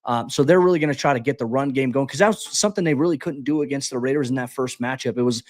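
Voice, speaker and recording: Fast-talking man breaking down football. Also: medium pitch. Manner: rapid, animated, frequent stammered restarts. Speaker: guest podcast host. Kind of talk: casual sports analysis chat.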